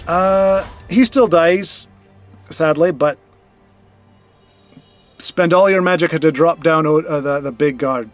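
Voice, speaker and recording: A man's voice: a little high, slow pace, pauses often. A man streaming a card game, chatting casually and loosely, talking back at his opponent with mock outrage. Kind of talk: casual gameplay commentary. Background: faint game music.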